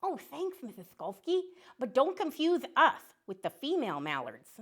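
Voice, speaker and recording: A woman's voice: high-pitched, wildly swooping pitch, normal speed. A woman doing a punny quacking duck. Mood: jokey. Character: joke-loving male mallard drake.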